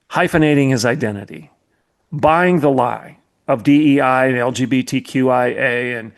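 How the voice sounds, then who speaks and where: A middle-aged man hosting a podcast, delivering an impassioned commentary monologue with an emphatic, repetitive, preacherly cadence. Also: mid-range voice. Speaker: podcast host, former college president.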